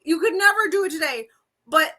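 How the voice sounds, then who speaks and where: A woman's voice: very high voice, brisk. A woman co-hosting a movie podcast, chatting casually and rambling with fillers. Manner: rambling, animated, with many fillers. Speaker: podcast co-host.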